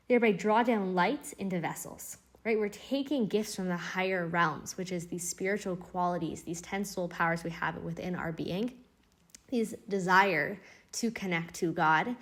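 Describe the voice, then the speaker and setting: A woman teaching an inspirational Torah class in an earnest, encouraging way, often repeating phrases for emphasis. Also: mid-range voice.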